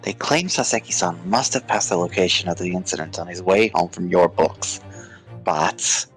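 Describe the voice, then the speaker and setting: A man voicing an earnest young male defense lawyer, laying out an argument in measured tones. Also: deep voice, a bit bright, soft background music, pitched below the performer's own voice, low-quality recording. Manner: measured, explanatory courtroom delivery.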